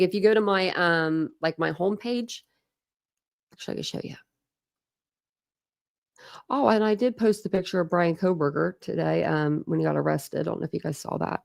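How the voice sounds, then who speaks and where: A woman's voice: lowish voice, steady tone, moderate pace, creaky. A young woman hosting a true crime channel, chatting casually and rambling to her livestream viewers, full of "like"s and restarts.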